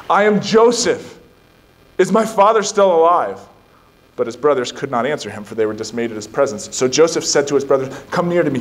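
Male pastor, mid-pitched, emphatic preaching and steady scripture reading; faint room noise. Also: poor audio. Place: church sanctuary.

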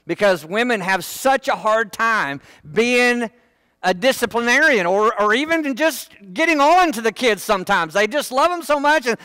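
A man's voice: very high-pitched, expressive, moderate pace, bright, forceful tone, clean tone, no room sound. A man preaching a sermon in church, folksy and full of joking asides. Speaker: pastor.

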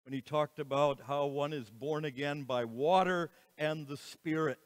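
A man preaching a sermon as pastor, slow and emphatic, with dramatic rises and falls in his voice. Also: fairly high pitch. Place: church sanctuary. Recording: reverberant church hall.

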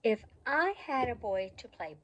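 A woman voicing a small, hopeful, polite male puppy in a storybook, with a high, eager and pleading manner. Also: sing-song, a little slow, a bit bright, exaggerated voice.

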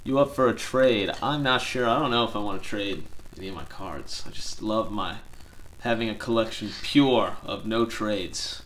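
A young man casually chatting on a live stream from home, chatty and excitable. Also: on the low side, normal speed, slight background noise. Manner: chatty and excitable, laughs easily. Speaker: card-collecting streamer. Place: home room.

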